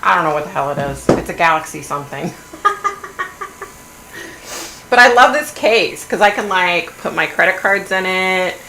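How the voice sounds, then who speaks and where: A middle-aged woman hosting a livestream, chatting in a blunt, animated way and swearing now and then. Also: lowish voice, a little fast, hardly any pauses. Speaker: livestream host. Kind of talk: casual gossipy chat. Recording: echoey room, faint hum.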